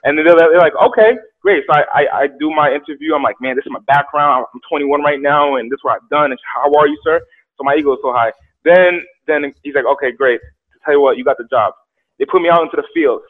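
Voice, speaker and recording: A young man telling a story casually, animated, acting out quotes and repeating words. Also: a little high, fast. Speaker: guest telling his story. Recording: tinny phone-like sound.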